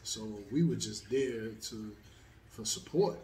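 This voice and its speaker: A man's voice: fairly low pitch, takes it slowly, darkish tone, reverberant, distant mic, slight background noise. A man telling a long story in a casual, rambling way, with many fillers. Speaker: host.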